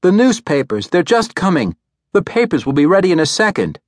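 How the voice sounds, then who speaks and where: A man voicing a brisk young woman selling newspapers at a kiosk, in an audiobook reading. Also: sing-song, no room sound, studio quality. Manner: chirpy, high, quick announcements.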